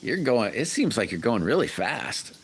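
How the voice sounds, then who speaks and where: A man's voice: medium pitch, very animated, normal speed, slight background noise. A man hosting a casual livestream, rambling folksy stories and greeting viewers by name. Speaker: livestream host chatting with viewers.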